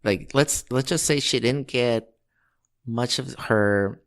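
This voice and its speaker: A man co-hosts a casual podcast, rambling through an anecdote full of restarts and swearing. His mid-range voice carries a steady gravelly fry. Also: mid-range voice, slow pace. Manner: rambling, profane, restarts often. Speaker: podcast co-host. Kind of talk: casual storytelling chat.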